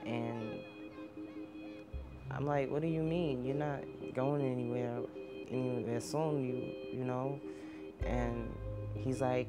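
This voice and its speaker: A woman interviewed for a documentary, speaking in a quiet, measured and steady way about her late father. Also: very deep voice. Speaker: victim's daughter, interviewee. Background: soft background music.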